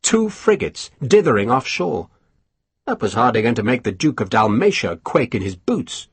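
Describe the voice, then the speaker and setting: Husky male audiobook narrator. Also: mid-range voice, sing-song, normal speed, dry recording. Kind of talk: scripted narration.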